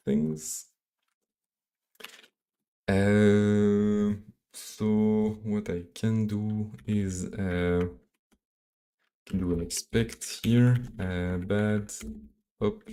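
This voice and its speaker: A man from Belgium with a French accent, live-coding on a stream and thinking aloud in a halting, mumbling way full of fillers and restarts. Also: fairly low pitch, warm tone, clear, resonant tone.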